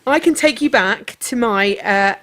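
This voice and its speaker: A woman co-hosts a casual podcast chat and speaks slowly and deliberately. Her replies come out dry and measured, patient even while she is being teased. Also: fairly high pitch. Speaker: podcast co-host. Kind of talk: casual chat, album review.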